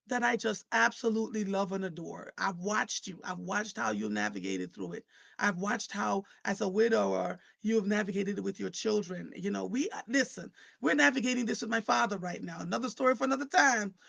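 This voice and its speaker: A woman hosting a live online talk show, chatting with viewers and guests in an animated, conversational way and often repeating words as she starts a thought. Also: mid-range voice, moderate pace, vocal fry. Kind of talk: casual livestream talk.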